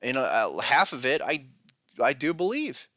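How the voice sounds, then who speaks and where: A man hosting a podcast talks through his market views in a bright, edgy voice. He speaks emphatically and restlessly, breaking off and restarting his sentences. The sound is close and dry, with no room around it. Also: mid-range voice, huge pitch swings, moderate pace, no room sound. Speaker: podcast host, trading educator. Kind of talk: casual podcast commentary.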